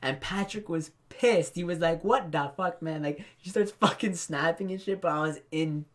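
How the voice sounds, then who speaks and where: A man's voice: a little high, moderate pace, a bit bright. A young man co-hosting a podcast, telling rambling, profane stories and laughing through them in casual chat. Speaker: podcast co-host.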